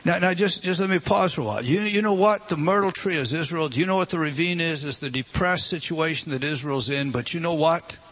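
Preacher, male, fairly high voice, verse-by-verse sermon, swings between loud emphasis and quiet pleading. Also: fairly quick, few pauses. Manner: swings from loud emphatic reading to low intimate appeals. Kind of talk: expository sermon.

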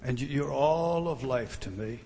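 A man's voice: medium pitch, a little slow, mellow, big-room sound, a little hiss or hum. A middle-aged man preaching a sermon, emphatic, often repeating words and putting questions to his listeners. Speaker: pastor.

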